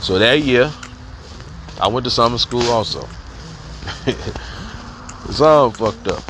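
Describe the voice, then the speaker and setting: A man's voice: medium pitch, expressive, slow, background noise. A man, hosting a podcast and telling school stories in a laid-back, profane, joking way. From Chicago. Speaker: podcast host. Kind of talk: casual storytelling.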